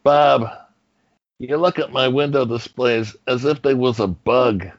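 A man's voice: medium pitch, a little slow, highs cut off, lightly acted. A man doing an impression of a male store manager in the style of a famous mumbling film actor. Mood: gruff.

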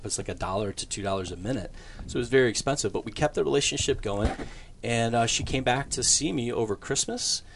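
A man in his fifties with a lowish voice tells his own conversion story as a priest guest on a radio show. He talks earnestly, in a loose and conversational way, pausing on fillers, and there is a faint hiss behind him.

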